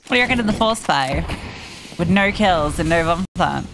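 Woman casting esports, teasing and lively. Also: fairly low pitch, a little fast, background noise. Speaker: esports caster. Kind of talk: play-by-play commentary.

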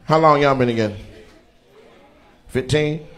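A male stand-up comedian with a medium-pitched, fairly bright voice takes his time as he roasts audience members. His crowd work is profane and full of brash teasing. The comedy venue's live audience laughs and cheers.

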